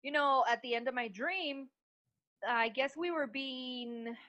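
A woman's voice: high-pitched, unhurried, sharp tone, dull audio. A woman co-hosting a podcast in casual chat, brash and loose, swearing freely and calling people "bro". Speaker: podcast co-host.

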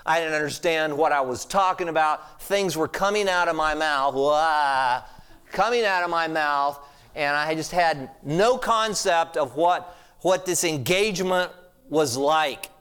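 Conversational middle-aged pastor preaching. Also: male voice, a little high, unhurried, clear, resonant tone. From United States. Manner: storytelling, conversational and animated. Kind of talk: sermon.

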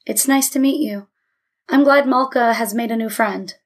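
A tired, careful father, played by a woman narrator, speaks quietly and politely. He sounds measured and restrained in a read-aloud story. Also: fairly high pitch. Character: weary, cautious middle-aged father.

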